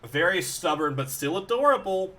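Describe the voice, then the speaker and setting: Bright-voiced young male game streamer. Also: high voice, animated, moderate pace. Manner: playful, doting encouragement of a game creature; chatty, answers viewer questions with fillers. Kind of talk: live-streamed game commentary.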